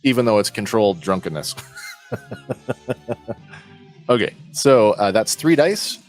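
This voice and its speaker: A man playing a tabletop game, thinking out loud in a rambling, casual way. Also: fairly low pitch, sing-song, measured pace, faint music behind. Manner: rambling, full of fillers and restarts. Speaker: player.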